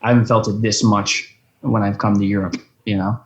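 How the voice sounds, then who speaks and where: A man's voice: on the low side, level tone, fairly quick, dull audio. Young man rambling over a roomy call. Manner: rambling storyteller, swears a lot. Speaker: guest. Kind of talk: casual chat. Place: room of a rental flat.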